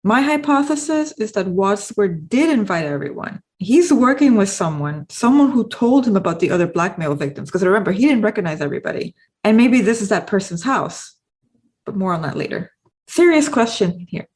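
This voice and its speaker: A woman's voice: mid-range voice, big pitch swings, normal speed, a little mellow. A woman hosting a video essay, talking through her analysis in a casual, explanatory way.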